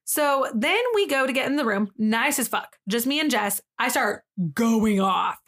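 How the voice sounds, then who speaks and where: Higher-pitched woman co-hosting a casual podcast. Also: unhurried. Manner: animated retelling with slang and frequent laughter. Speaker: podcast co-host. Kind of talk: casual storytelling, reading a thread aloud.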